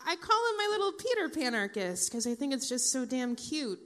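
A woman's voice: high-pitched, big pitch swings, moderate pace, a bit bright. A woman in her forties doing a stand-up comedy set, with dry, profane, self-mocking asides to the audience.

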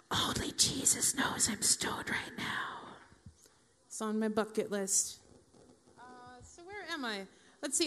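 A woman's voice: fairly high pitch, fairly bright tone, slight background noise. A woman in her forties doing a stand-up comedy set, with dry, profane, self-mocking asides to the audience.

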